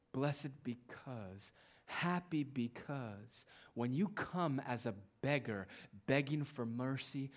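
A male preacher delivering a sermon, drawing out quiet phrases slowly and then rising to loud, emphatic declarations. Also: medium pitch. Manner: swings between hushed, drawn-out phrases and loud emphatic declarations.

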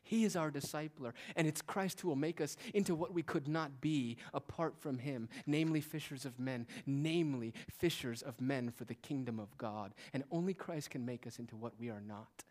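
Male pastor, mid-pitched, preaching; dynamic swings from hushed to loud emphasis. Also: moderate pace, few pauses. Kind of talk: sermon. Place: church.

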